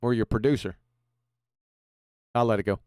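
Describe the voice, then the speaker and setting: A man's voice: lowish voice, fairly even intonation, moderate pace, darkish tone, smooth, no room sound, studio quality. A man hosting a commentary stream, mocking a clip he plays with sarcasm and swearing. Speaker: host reacting to a video.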